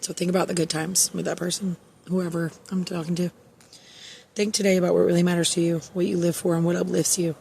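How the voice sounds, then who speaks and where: A soft-spoken woman gives a casual spiritual tarot reading, reassuring and full of fillers. Her pitch stays fairly flat and even. A faint background hiss sits under the voice. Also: fast, creaky. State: emotional, near tears. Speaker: tarot reader.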